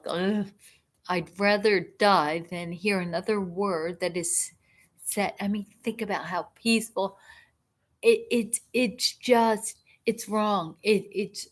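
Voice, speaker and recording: A middle-aged woman hosting a casual livestream chat, talking in a halting way with many restarts and asides. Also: medium pitch. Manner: slow, halting, frequent restarts and self-talk. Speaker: livestream host.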